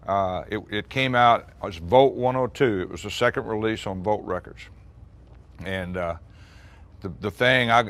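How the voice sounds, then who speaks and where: A man in his sixties, a musician recounting an old recording session in relaxed, chatty storytelling. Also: on the low side. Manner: chatty, acts out quoted dialogue, frequent restarts and laughs.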